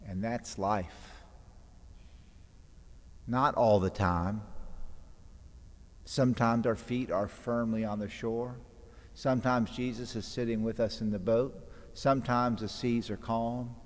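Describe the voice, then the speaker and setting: A man's voice: medium pitch, fairly even intonation, takes it slowly, long pauses. A man preaching a homily as a priest, retelling the gospel story dramatically and acting out the voices in it. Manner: dramatic retelling, voicing scripture quotes. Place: church. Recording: long church reverb.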